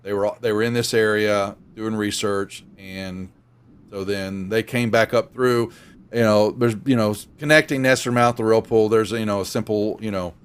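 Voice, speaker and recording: A man with a drawl runs a tabletop game in a smooth, resonant voice. He rambles through the setting, full of fillers and restarts. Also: lowish voice, steady tone, normal speed. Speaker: game master.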